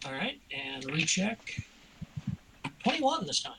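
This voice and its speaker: A man playing a tabletop game, speaking in a relaxed, wry, low-key way. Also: slow pace, noisy background. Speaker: player. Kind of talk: casual tabletop play.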